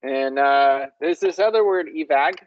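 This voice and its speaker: A man's voice: medium pitch, a little slow. A man co-hosting a casual language discussion, musing and repeating words aloud to try them out. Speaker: co-host. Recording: dull lo-fi dry recording.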